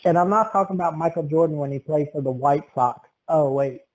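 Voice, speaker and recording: A man's voice: fairly high pitch, brisk, rough recording. A young man co-hosting a podcast, telling a story in a playful, teasing way and laughing often. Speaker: podcast co-host. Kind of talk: casual chat.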